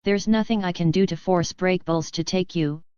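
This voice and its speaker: A woman reading the part of a confident, smirking young male warlock who speaks calmly and firmly. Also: on the low side, normal speed, clear, resonant tone, no room sound, dull audio, close to an everyday voice. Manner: calm, firm, knowing.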